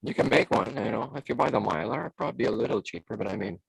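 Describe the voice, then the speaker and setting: A man's voice: lowish voice, lively intonation, very fast, creaky, husky, no echo. A man chatting easily on a casual stream over a crackling, broken-up microphone. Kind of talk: casual livestream chat.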